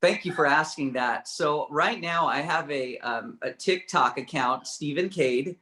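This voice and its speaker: A man, a country singer from Texas, talking casually and gratefully in an interview, softly with quick low asides.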